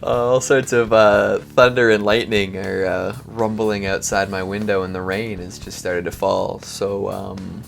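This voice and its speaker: In a casual chat for his countdown video channel's outro and bloopers, a male host jokes and mocks himself, rambling along. His lowish, creaky voice has a flat delivery, a slightly slow pace and few pauses. Faint music plays behind, and he's recorded in his bedroom at home on a lavalier mic.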